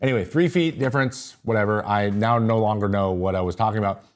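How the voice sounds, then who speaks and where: On a laid-back livestream, a fast-talking male podcast host breaks down pitchers. Easily distracted and eager, he keeps cutting in on himself.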